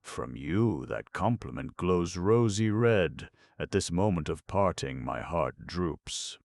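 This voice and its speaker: A man's voice: deep voice, lively intonation, takes it slowly, gravelly, darkish tone, no room sound, heavily acted. Man voicing a flowery, polite detective. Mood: courtly. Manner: formal, flowery speech with clipped grammar. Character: courtly male police detective, older. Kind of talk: audiobook narration.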